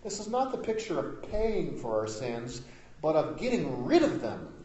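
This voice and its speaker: A man preaching a sermon as pastor. He is emphatic, rising to loud declarations and dropping to quiet asides. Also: fairly high pitch, sing-song, moderate pace, echoey room, lo-fi sound.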